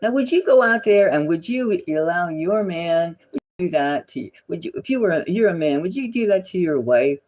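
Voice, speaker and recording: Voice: medium pitch, expressive, normal speed, darkish tone. A psychic tarot reader giving a casual gossipy reading, indignant and repetitive, sometimes dropping to a whisper.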